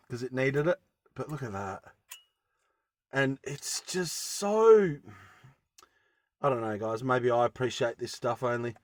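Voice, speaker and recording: A man's voice: on the high side, fairly bright tone, no room sound, clean studio sound. A man vlogging casually from inside his van, rambling enthusiastically with lots of fillers as he shows off his gear. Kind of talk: casual show-and-tell vlog.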